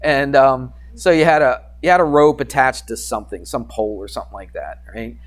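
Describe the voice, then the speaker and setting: A male math teacher telling a classroom story in a lively lecture, acting out quoted voices and sound effects for his students. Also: medium pitch, brisk.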